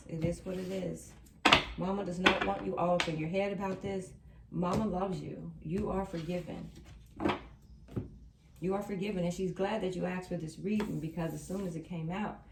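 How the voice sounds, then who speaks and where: A woman's voice: deep voice, gravelly, dark tone, a little hiss or hum. Reassuring woman giving a tarot reading. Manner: repetitive, reassuring, emphatic. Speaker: tarot reader. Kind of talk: tarot card reading to viewers. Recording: roomy sound from a distant mic.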